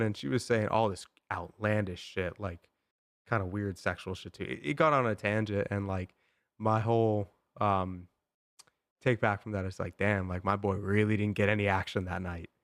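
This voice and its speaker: Rambling young man, low and dry. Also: moderate pace, no room sound. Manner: rambling, full of "like" and "um" fillers. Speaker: podcast host. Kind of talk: casual storytelling.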